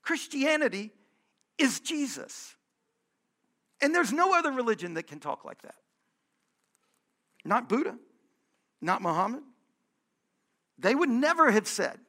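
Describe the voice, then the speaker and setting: A pastor preaching a sermon, earnest and conversational, repeating phrases for emphasis. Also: male voice, very high-pitched, very animated, unhurried, long pauses, sharp tone.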